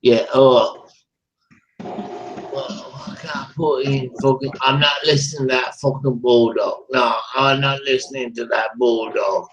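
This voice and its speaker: A man's voice: medium pitch, steady tone, slow pace, dull audio. A man ranting and taunting someone in a voice chat, swearing constantly and heckling. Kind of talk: profane taunting rant. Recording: noisy recording.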